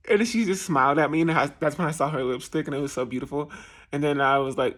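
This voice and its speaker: Talking fast in a slightly high, somewhat bright voice, a male travel vlogger from New Jersey spins casual stories at his own expense. He laughs often and does voices whenever he quotes others.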